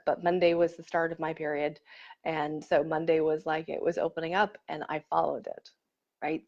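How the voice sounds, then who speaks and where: A woman with a fairly low voice leads a live online workshop, speaking casually and warmly to her viewers. The stream audio sounds a little dull and lo-fi. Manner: warm and effusive, reads and greets commenters.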